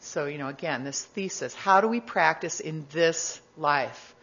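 A woman guest speaker giving a reflective sermon-style talk to a congregation, gentle and measured, with conversational asides. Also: low voice. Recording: dull lo-fi recording.

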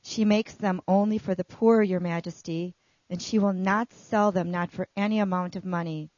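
A woman's voice: lowish voice, steady tone, moderate pace, darkish tone, no echo, highs cut off, lightly acted. A woman voicing a dutiful soldier who respectfully reports to the king in a read-aloud story.

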